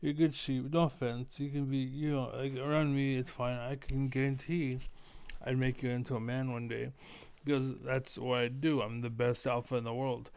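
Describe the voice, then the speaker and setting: Man, streamer, rambling profane rant, smooth clear voice, mid pitch. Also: level tone, normal speed, a little mellow, highs cut off. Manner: rambling, profane, heavy on fillers. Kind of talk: casual ranting monologue.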